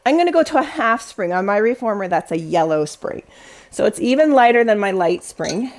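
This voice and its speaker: A Pilates instructor leads her class, cueing moves and counting reps down with encouragement. Her mid-range voice is animated and fairly quick, and a little hiss or hum sits under the recording.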